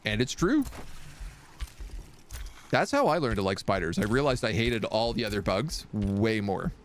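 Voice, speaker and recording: A man's voice: lowish voice, very animated, measured pace, a little hiss or hum. A man streaming a strategy game, chatting casually and rambling playfully between moves. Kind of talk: casual gameplay commentary. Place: home room by a window.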